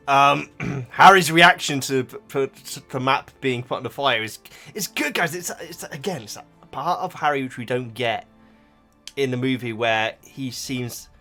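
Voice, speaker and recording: A man's voice: mid-range voice, a little slow, sharp tone, soft background music. A man chatting casually and rambling with enthusiasm as he reviews a book, laughing often. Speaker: YouTube reactor.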